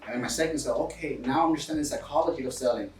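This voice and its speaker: A man's voice: mid-range voice, very fast, darkish tone, roomy sound, far from the mic, poor audio. A man with a foreign accent, English not his first language, talking energetically in a casual interview and coaching listeners, often calling people dude and bro. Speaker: real estate investor guest.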